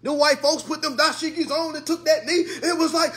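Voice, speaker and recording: A man's voice: very high-pitched, a little fast, hardly any pauses, fairly bright tone. A man in a profane, mocking monologue to his followers, using blunt slang and repeating his retorts. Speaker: social media commentator.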